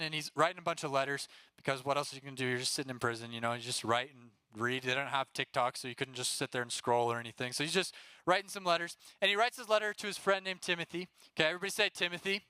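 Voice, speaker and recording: A young man speaking as a youth pastor, giving a casual, animated talk to students. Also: fairly high pitch, smooth, dry recording.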